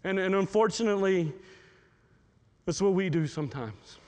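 High-voiced emotional man preaching. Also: animated, normal speed, darkish tone. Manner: repeats words and restarts often, emotional and heartfelt. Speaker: pastor. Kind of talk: sermon.

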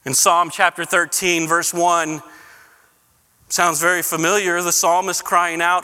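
A man's voice: high voice, level tone, a little slow, sharp tone, long reverb tail. A man preaching a sermon as pastor, repeating words as he builds, rising into passionate pleading. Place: church sanctuary.

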